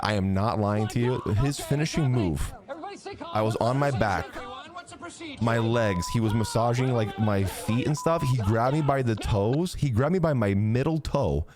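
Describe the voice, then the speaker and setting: A man streaming live, telling chat a crude, animated story full of swearing. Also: mid-range voice.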